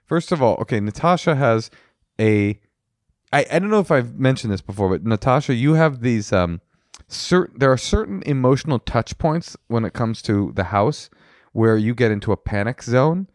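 A man's voice: mid-range voice, moderate pace, no room sound, studio quality. A man in his thirties co-hosting a casual comedic podcast, telling rambling stories with lots of restarts. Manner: animated, rambling storyteller with restarts. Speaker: podcast co-host.

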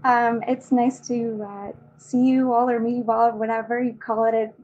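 A woman's voice: a little high, level tone, moderate pace, a little mellow, muffled recording. A woman calling in to a podcast over a video call, hesitant and full of ums. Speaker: caller.

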